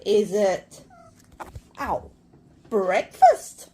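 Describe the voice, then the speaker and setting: A woman's voice: medium pitch, huge pitch swings, extremely slow, dark tone, husky. A half-asleep woman, chatting to her cats in cooing baby talk as she feeds them at home. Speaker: cat owner filming her cats. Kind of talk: casual talk to pets.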